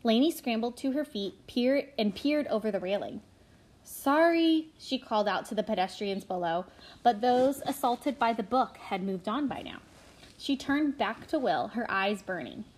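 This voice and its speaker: A woman narrating a children's novel aloud in an expressive reading style, with small slips and restarts. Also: on the high side, normal speed, low-quality recording. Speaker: audiobook narrator.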